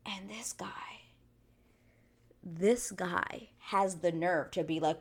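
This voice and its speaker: A woman's voice: fairly low pitch, takes it slowly, slightly rough. A woman hosting a casual TV recap vlog, chatty and blunt, full of "like" fillers and swearing. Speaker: TV recap channel host.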